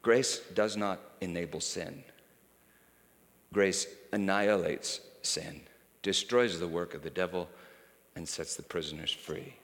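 A man preaching a sermon with passion, dropping to a hush and then rising to a shout. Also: low-pitched, a little slow, gravelly. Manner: impassioned, swinging from hushed to shouting. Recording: reverberant hall.

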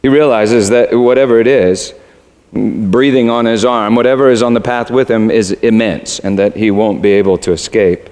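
A man's voice: fairly low pitch, fairly even intonation, moderate pace, a little mellow. A man preaching as a pastor, earnest and conversational, with casual fillers. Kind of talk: sermon. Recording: echoey hall.

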